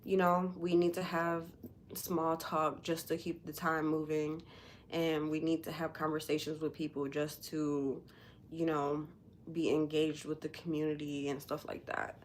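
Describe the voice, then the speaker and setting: A woman's voice: deep voice, level tone, measured pace, a little hiss or hum. A woman hosting a casual livestream, talking candidly and bluntly in a rambling way with lots of fillers, sounding emotional after recent crying. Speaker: livestream host.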